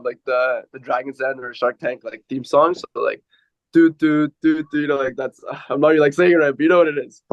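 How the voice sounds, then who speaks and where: A man's voice: medium pitch, no echo, muffled recording. A man, an entrepreneur guest, telling a story in casual podcast chat, rambling with many fillers.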